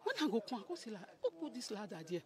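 A woman's voice: on the high side, sing-song, rapid-fire, warm tone. A middle-aged woman with a Nigerian Pidgin English accent, giving an emotional spoken testimony and acting out what others said to her.

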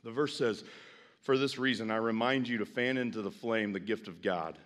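A middle-aged man preaching a sermon as pastor, folksy with self-deprecating asides, building to loud, impassioned preaching. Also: fairly low pitch, normal speed. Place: large church sanctuary. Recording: long church hall reverb.

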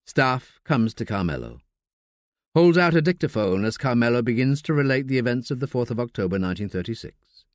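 Expressive male audiobook narrator. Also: mid-range voice, a little fast, no room sound, studio quality. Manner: expressive storytelling. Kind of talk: scripted narration.

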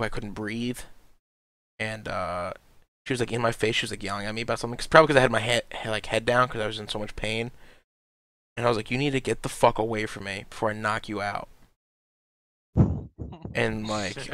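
A man's voice: lowish voice, bright, forceful tone, dry recording. A young man hosting a casual podcast, telling a long rambling story, swearing a lot and laughing at himself. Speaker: podcast host. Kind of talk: casual chat.

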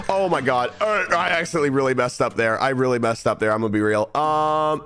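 A man's voice: a little high, expressive, brisk, few pauses, fairly bright tone, faint music behind. Self-mocking young male streamer. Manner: restless, self-mocking, repeats phrases under his breath. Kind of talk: live gameplay commentary.

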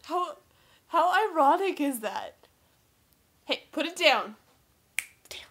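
A woman's voice: sits high, very animated, takes it slowly, a bit bright. A young woman, chatting playfully and breathlessly in her bedroom, giggling and teasing. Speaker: vlogger. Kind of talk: casual chat.

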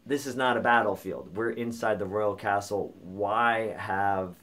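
A man giving a thoughtful spoken lesson on a play, reading lines of verse aloud slowly to count their beats. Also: on the low side, fairly bright tone. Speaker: literature lecturer. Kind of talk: explanatory video essay.

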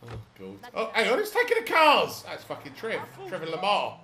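A man's voice: high voice, huge pitch swings, normal speed, few pauses, bright, forceful tone, soft background music. A middle-aged British man giving a sweary, laughing running commentary while playing a video game. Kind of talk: casual let's-play commentary. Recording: echoey room.

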